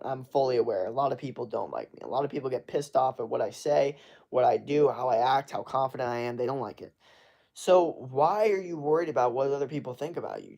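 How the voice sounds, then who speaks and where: A man's voice: mid-range voice, darkish tone. A young man giving blunt, profane advice in a casual live-stream rant, full of fillers and emphatic swearing. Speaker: streamer answering chat.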